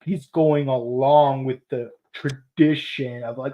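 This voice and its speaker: Rumbling low and slow with few pauses, this young female podcast host gives a laid-back review of an episode. She's animated, laughs a lot and performs lines from the show, and the audio sounds narrow and tinny.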